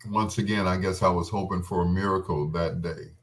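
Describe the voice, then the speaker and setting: A man fondly recalling a wedding in casual, heartfelt talk. He is tearful and halting, full of restarts and trailing pauses. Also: low-pitched, steady tone. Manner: tender and tearful.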